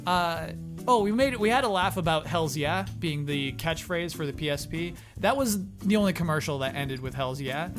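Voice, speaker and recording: A man with a notably high, light voice hosts a casual podcast panel. He keeps things moving in an upbeat, brisk way and laughs easily, with faint music underneath. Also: lively intonation. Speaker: podcast moderator.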